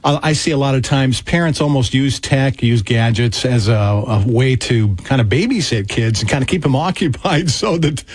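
A man's voice: medium pitch, animated, moderate pace, hardly any pauses, slightly rough, no echo. A male radio host interviewing a guest in a friendly, conversational way. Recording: dry studio with faint music.

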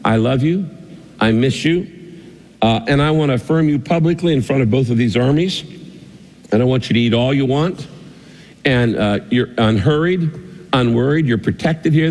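A man voicing a loving king who speaks gently and haltingly, repeating his words, in a sermon with long hall reverb. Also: medium pitch, close to an everyday voice.

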